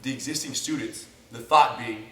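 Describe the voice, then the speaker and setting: Man co-host trading quick jokes. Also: medium pitch. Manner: quick interjections and joking asides. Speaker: jiu-jitsu instructor and co-host. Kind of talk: casual instructional banter. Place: jiu-jitsu academy. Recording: roomy and distant mic, faint hiss.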